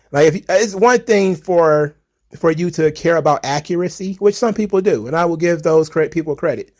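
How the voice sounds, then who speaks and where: A man's voice: on the high side, darkish tone. A young man with a slightly raised voice riffs on viewer comments about wrestling history. He is sarcastic and laughs often. He swears casually as he talks. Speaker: wrestling commentary channel host.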